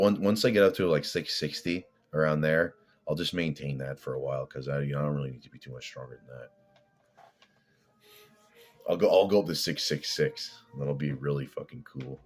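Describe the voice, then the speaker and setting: A fitness vlogger with an extremely deep voice delivers a loose, rambling vlog monologue. He's blunt and profane, drifting from one thought to the next with plenty of filler.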